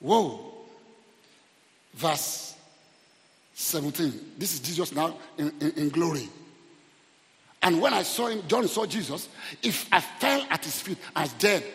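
A man preaching a sermon as pastor, animated, rising to shouts at the peaks and drawing responses from the congregation. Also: a little high, slow, long pauses. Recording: long hall reverb.

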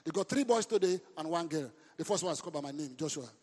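A man preaching a sermon as a pastor. He speaks with lively emphasis, throws questions at the congregation and breaks into sudden shouts. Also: fairly high pitch, fast, a little hiss or hum. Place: church hall. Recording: long reverb of a large hall.

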